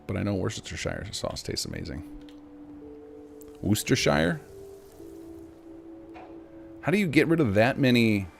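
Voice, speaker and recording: A man's voice: on the low side, vocal fry. An American man chatting casually to viewers on a live game stream, rambling in a chatty way. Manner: rambling, chatty, talks to chat.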